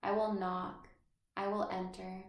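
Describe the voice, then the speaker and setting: Woman reading brooding schoolboy outsider, slow, flat, roomy echo. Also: mid-range voice, lightly acted.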